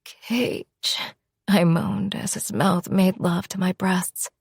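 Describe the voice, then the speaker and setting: Woman, audiobook narrator, intimate, often whispered, lowish voice, dry close sound. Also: husky, no room sound. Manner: soft, often whispered, unhurried delivery.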